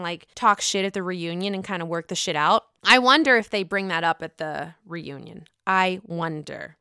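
A young woman hosting a casual chat show, sassy and expressive, swearing freely as she recaps reality TV. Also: mid-range voice, clear, resonant tone, dry recording, clean studio sound. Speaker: podcast host recapping reality TV.

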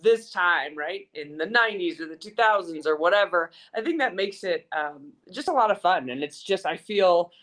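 A woman's voice: fairly low pitch, lively intonation, moderate pace, few pauses, fairly bright tone. A woman sports reporter as a podcast guest, joking and chatting casually. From South Africa, raised in Colorado. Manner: playful, self-mocking, chatty. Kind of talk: casual interview chat.

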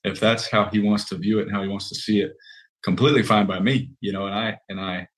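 A man in his thirties, a football player, answering questions in a measured, conciliatory way with plenty of fillers. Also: lowish voice, fairly even intonation. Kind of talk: interview answer.

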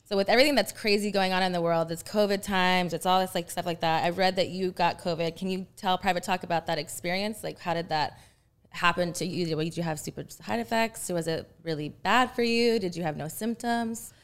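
A woman's voice: fairly low pitch, fairly quick, clear, resonant tone. A woman hosting a casual interview, who asks questions in an encouraging, rambling way. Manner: encouraging, rambling, fillers like "you know what I mean". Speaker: host.

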